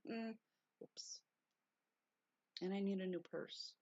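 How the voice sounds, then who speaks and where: A woman chatting casually to her stream viewers from her bedroom, repeating herself and gushing with excitement, sometimes keeping her voice down. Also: mid-range voice, very slow, no echo. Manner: hushed at times to stay quiet. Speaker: vlogger. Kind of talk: casual livestream chat. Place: bedroom at home. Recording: dull lo-fi sound.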